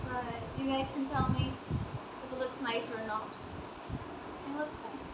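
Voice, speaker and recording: A woman's voice: sits high, steady tone, unhurried, very noisy. A young woman, chatting casually in a makeup vlog, self-deprecating and giggly, rambling as she talks. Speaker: vlogger.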